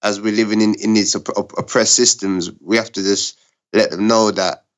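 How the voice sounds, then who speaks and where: A man who co-owns a restaurant, answering interview questions in an earnest, halting way with many restarts. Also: fairly low pitch, little pitch movement. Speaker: restaurant co-owner, guest.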